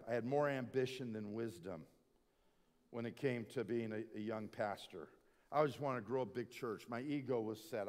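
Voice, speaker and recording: A middle-aged man preaching as a lead pastor, telling stories with big swings from hushed to loud. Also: medium pitch. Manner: animated storytelling, swinging from quiet to loud. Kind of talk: sermon. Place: conference hall. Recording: long reverb of a large hall.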